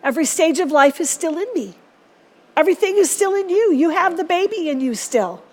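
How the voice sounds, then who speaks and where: A woman's voice: very high-pitched, animated, a little fast, a little mellow. A woman preacher giving a sermon in a church, speaking earnestly and urging her listeners on. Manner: earnest, exhorting.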